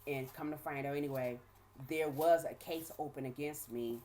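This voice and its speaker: A woman's voice: sits low, normal speed, a little hiss or hum. A woman telling her own story in a casual vlog, acting out what people said and checking in with "right?" and "okay?". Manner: animated, acts out quoted dialogue with shifting voices; frequent laughs and asides like "right?" and "okay?". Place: at home with her child nearby.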